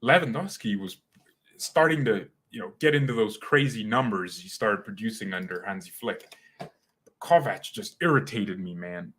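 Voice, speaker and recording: A young man hosting a casual fan livestream, talking in an animated, slangy, excitable way. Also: lowish voice, normal speed, breathy edge. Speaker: fan channel host.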